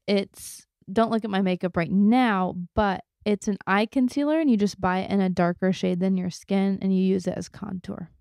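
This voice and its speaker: A woman's voice: medium pitch, fairly even intonation, normal speed, creaky, hardly any pauses, darkish tone, dry recording, studio quality. A woman co-hosting a podcast, chatting easily and telling small everyday stories. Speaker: podcast co-host. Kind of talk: casual podcast chat.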